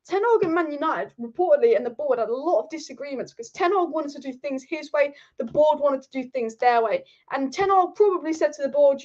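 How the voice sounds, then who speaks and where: High-voiced woman hosting football chat. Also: a little fast, few pauses, dull audio. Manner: animated, reads out viewer comments, swears casually. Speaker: football channel host. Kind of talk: live-stream football chat.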